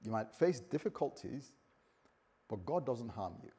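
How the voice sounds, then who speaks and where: A man preaching a sermon as pastor, emphatic, swinging between loud declarations and hushed questions. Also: medium pitch, big pitch swings, measured pace, breathy edge.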